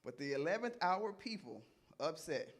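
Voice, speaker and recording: Man, middle-aged, Bible study teacher, interactive sermon, fairly high voice, playful, questions the audience. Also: normal speed. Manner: conversational, asks the audience questions and repeats their answers; animated and playful, laughs often.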